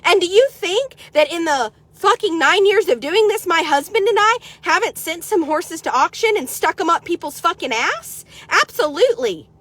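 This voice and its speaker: A middle-aged woman from the United States, ranting sarcastically in a vlog and swearing constantly, swinging from loud outbursts to low mutters. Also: animated, moderate pace, few pauses, dry recording. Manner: heavy swearing, sarcastic, combative. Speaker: horse trader vlogger.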